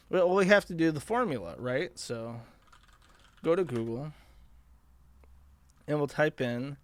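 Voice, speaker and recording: A man hosting a podcast, talking in a crude, sarcastic, rambling way as he comments on posts. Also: medium pitch. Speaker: podcast host. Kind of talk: casual commentary.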